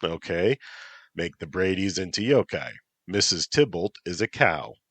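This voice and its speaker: A man's voice: low-pitched, expressive, measured pace, fairly bright tone, breathy edge, dry recording, full character voice. A man voicing a blunt, dry-witted female yokai aide in a storybook reading. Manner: dry, blunt advice-giving.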